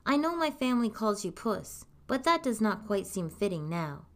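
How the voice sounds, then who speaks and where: A woman's voice: mid-range voice, sing-song, normal speed, fairly bright tone. A woman voicing an earnest young boy in a storybook reading, asking wide-eyed questions. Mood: curious.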